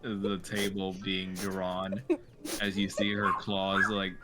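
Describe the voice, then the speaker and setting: A man's voice: low voice, completely flat delivery, slow pace, music in the background. A man narrating a tabletop game as game master in a casual, loose way.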